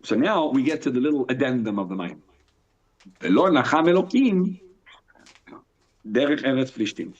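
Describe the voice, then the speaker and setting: A man, a rabbi, teaching a live Torah class in an animated way, asking and answering his own questions and reading Hebrew text aloud. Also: mid-range voice, normal speed, pauses often. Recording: dull lo-fi sound.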